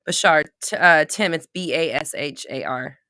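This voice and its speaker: A woman's voice: sits low, pushed and bright, no room sound, studio quality. A young woman hosting a casual live stream, chatting, laughing often and reading viewer comments aloud. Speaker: livestream host.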